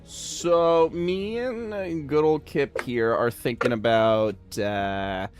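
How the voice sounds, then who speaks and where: A man playing a tabletop game, speaking in a relaxed, drawling way. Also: medium pitch, takes it slowly, soft background music. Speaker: player. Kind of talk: casual tabletop play.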